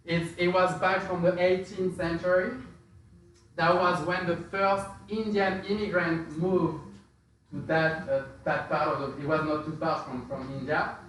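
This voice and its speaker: A man's voice: on the high side, flat delivery, measured pace, fairly bright tone, a little hiss or hum. Hesitant man, echoey room. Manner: hesitant, many fillers and restarts. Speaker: spice expert presenter. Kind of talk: casual explanatory talk. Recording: very echoey room, distant from mic.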